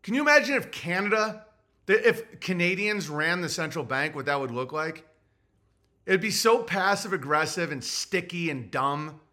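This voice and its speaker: A man's voice: a little high, lively intonation, moderate pace, bright, forceful tone. A man hosting a solo livestream, reading super chats in a grumpy, sarcastic ranting way.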